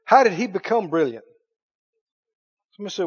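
A man's voice: very high voice, big pitch swings, moderate pace, highs cut off. A man preaching a sermon in a folksy, emphatic way, repeating phrases for effect. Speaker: pastor.

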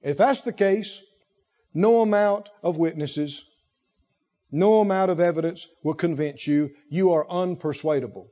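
A man preaching a sermon with animated, rhythmic repetition and emphatic phrasing. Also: on the high side, unhurried, muffled recording.

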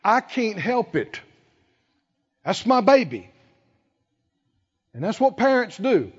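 A man preaching a sermon with emphasis, acting out quoted voices and building to loud peaks. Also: high voice, very animated, slow pace, breathy edge. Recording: dull, reverberant hall sound.

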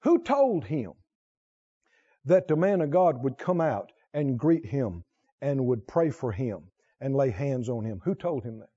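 A man's voice: mid-range voice, sing-song, measured pace, mellow, breathy edge, dull audio. A male preacher delivering a sermon, talking with animation, questioning the crowd and laughing now and then.

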